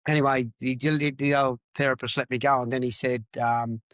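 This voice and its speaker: A man's voice: mid-range voice, steady tone, brisk, a bit bright, smooth, no echo. A man in his fifties, a former rugby player telling his story as a podcast guest in a raw, frank way, repeating words for emphasis. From Australia. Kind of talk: candid personal storytelling.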